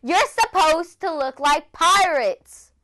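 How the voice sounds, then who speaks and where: A woman's voice: extremely high pitch, animated, slow pace, sharp tone. A woman in a comedy pirate skit, teasing the others in a sassy way.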